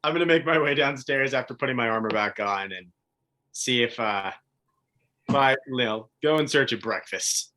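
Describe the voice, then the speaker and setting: A man's voice: medium pitch, normal speed, bright, forceful tone. A man playing a tabletop game, casual and playful, swearing now and then. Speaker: player.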